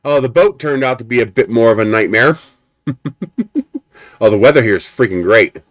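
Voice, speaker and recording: A man's voice: medium pitch, normal speed, no room sound, clean studio sound. A man hosting a live stream, chatting casually and rambling as he unboxes a printer and answers viewers. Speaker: 3D printing livestream host.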